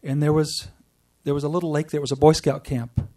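A man giving an earnest personal testimony to a group, telling his story with pauses and restarts. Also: on the high side, little pitch movement, warm tone, far from the mic. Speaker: speaker sharing a personal spiritual story.

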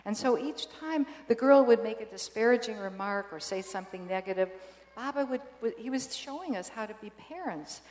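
A woman telling devout family stories in a casual, halting way, full of restarts. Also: a little high, animated, darkish tone. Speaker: guest sharing family memories. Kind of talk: casual storytelling. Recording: roomy hall with long reverb.

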